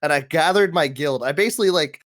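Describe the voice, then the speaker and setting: Excitable young man with a higher voice. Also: fast talker. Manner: excitable, swears a lot, laughs often. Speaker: podcast co-host. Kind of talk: casual gaming chat.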